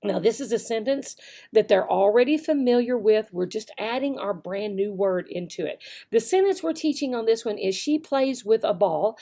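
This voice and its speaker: A woman's voice: a little high, animated, normal speed, gravelly, mellow. A woman giving an instructional video lesson for online English teachers, checking in with "okay?" often and demonstrating words in varied voices.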